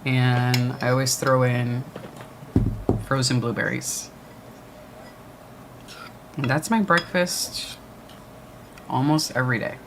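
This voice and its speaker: A man's voice: mid-range voice, fairly even intonation, slow, vocal fry, long pauses, a bit bright, a little hiss or hum. A man co-hosting a livestream watch party, chatting casually and answering viewer comments. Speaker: livestream co-host. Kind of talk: casual chat with live chat.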